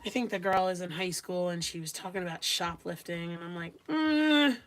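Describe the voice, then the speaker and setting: A woman's voice: on the low side, flat delivery, fairly quick. A woman hosting a live craft stream, chatting casually with viewers and reading their comments aloud as she works. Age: adult with young children. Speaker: craft livestream host.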